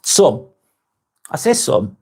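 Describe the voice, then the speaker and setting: A man's voice: a little high, huge pitch swings, slow, dark tone, breathy edge. A man with a Lancashire accent hosting a live vlog, reading out viewer comments in a blunt, sweary, emphatic way.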